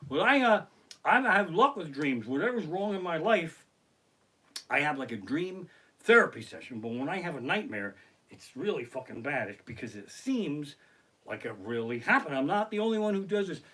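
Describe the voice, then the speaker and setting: A middle-aged man, a comedian telling profane, animated stories during a live stream from his living room. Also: on the high side, normal speed, slightly rough. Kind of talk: live-streamed comic storytelling. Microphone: basic home streaming setup.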